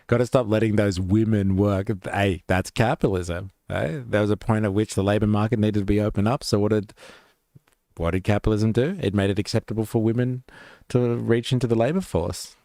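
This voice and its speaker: A man's voice: fairly low pitch, fairly even intonation, brisk, mellow, dry recording, studio quality. A man hosting a live stream, casually commenting on clips in a rambling way with lots of fillers.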